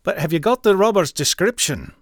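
A man voicing an excitable, incredulous male club gentleman in a storybook reading, high and exclaiming. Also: fairly quick, no room sound, clean studio sound.

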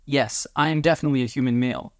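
A man's voice: medium pitch, steady tone, racing, no room sound, studio quality, close to an everyday voice. A man reading a story aloud, voicing a fussy male alien commander who talks in a nervous, reassuring and pedantic way. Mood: elated.

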